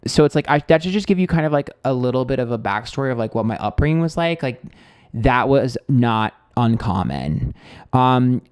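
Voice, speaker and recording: A man's voice: mid-range voice, sing-song, normal speed, darkish tone, clean tone. A man in his thirties from New York, with a New York accent, chatting casually on a live stream as a psychic tarot reader. He reads viewer comments aloud and talks loosely and candidly, swearing freely and filling his speech with "like" and "um.". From Queens, New York. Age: 30s.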